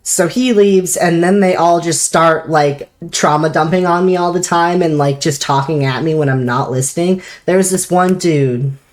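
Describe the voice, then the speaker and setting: A young woman streamer telling a work story in casual chat, animated, swearing casually and breaking into laughter. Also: on the low side, normal speed, hardly any pauses.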